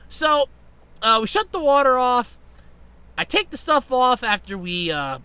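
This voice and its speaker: A podcast host tells a long, exasperated story in a rambling way and swears freely. His voice sits high and swings widely in pitch. It sounds bright and dry, close to the mic. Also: sing-song, moderate pace, smooth, dry recording. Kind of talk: casual storytelling monologue.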